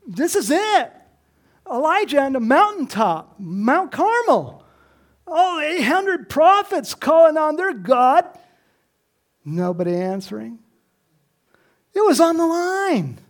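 A preacher delivering an animated sermon, swinging between hushed and loud passages. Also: high voice, slow pace, pauses often.

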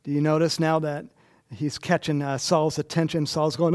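Chatty male preacher, fairly high voice. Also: flat delivery, normal speed, a little mellow. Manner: chatty, self-deprecating, laughs often. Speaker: pastor. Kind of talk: conversational sermon.

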